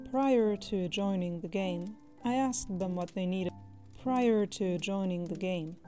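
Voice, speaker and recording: A woman reading a tabletop game story aloud, in a measured way with dramatic emphasis. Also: lowish voice, mellow. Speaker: story narrator.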